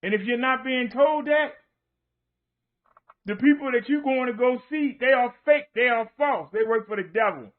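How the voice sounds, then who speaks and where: A man's voice: extremely high pitch, normal speed. A man preaching on his online show, hammering points home with repeated rhetorical questions. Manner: emphatic, repetitive rhetorical questions. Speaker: minister. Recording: tinny phone-like sound.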